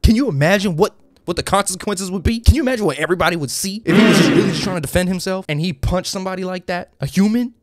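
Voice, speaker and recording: Excitable man reacting, slangy and joking. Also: sits high, very fast, no room sound, studio quality. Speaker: anime reaction streamer. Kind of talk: casual reaction commentary.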